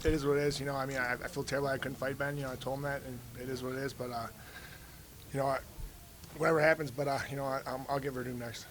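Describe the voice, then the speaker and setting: A man from Cleveland, a fighter answering press questions in casual talk, quick and full of "you know" and restarts. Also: mid-range voice, little pitch movement, poor audio. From United States, Cleveland. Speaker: fighter being interviewed. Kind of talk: casual media scrum answers. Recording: crowd chatter behind.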